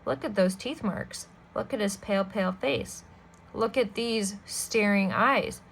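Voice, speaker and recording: A woman's voice: medium pitch, measured pace, vocal fry, fairly bright tone, slightly rough, full character voice, poor audio. A woman voicing a sneering storybook villain. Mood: mocking. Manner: menacing, sneering. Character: sinister scheming adult male villain. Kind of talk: storybook read-aloud.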